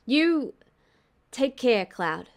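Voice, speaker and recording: A woman's voice: on the high side, very animated, extremely slow, full character voice. A woman doing a nervous young trooper. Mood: earnest. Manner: hesitant, earnest, hushed at times.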